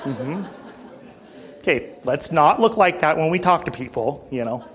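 A man's voice: a little high, unhurried, some chatter behind. A man in his thirties, a pastor preaching a sermon, telling a story to the congregation and getting fired up. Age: 30s. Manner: animated, fired up, talks straight to the congregation.

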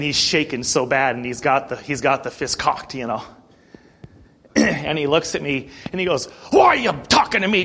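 A male pastor delivers a plain-spoken, conversational sermon in a medium-pitched, slightly bright voice. He poses rhetorical questions to the congregation and clears his throat often.

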